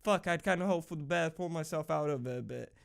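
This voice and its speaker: A man's voice: fairly high pitch, fast talker, vocal fry. A young man vlogger ranting casually, profane and rambling with lots of fillers. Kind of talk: casual rant.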